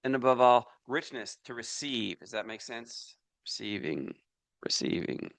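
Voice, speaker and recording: A man leading a live business training seminar, energetic and coaxing the audience to join in. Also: medium pitch, measured pace, no echo.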